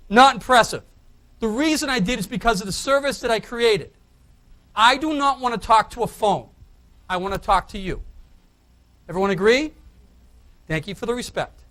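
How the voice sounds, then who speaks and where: A man from Boston with a Boston accent, giving a fast, joking presentation at a conference and commanding the crowd. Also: high-pitched, pushed and bright. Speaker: conference speaker. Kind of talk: energetic presentation to an audience. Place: conference hall.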